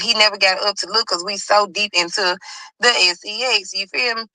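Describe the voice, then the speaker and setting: A woman's voice: mid-range voice, fairly even intonation, brisk, sharp tone, no room sound, rough recording. A woman host telling a personal story in a casual, emotional way, often repeating herself and speaking directly to her listeners. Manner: emotional, repetitive retelling, addressing listeners. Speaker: podcast host.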